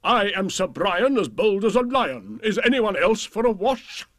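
A boastful knight bellows his own praises in a raised, slow, proclaiming voice. A man acts him out, his pitch swooping widely. The sound is close and dry. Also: animated, fairly bright tone, no echo, heavily acted. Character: boastful blustering male knight.

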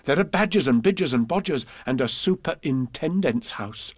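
A man reading children's poems and a storybook aloud in a gentle, expressive way. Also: on the high side, moderate pace, no room sound, studio quality. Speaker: reader.

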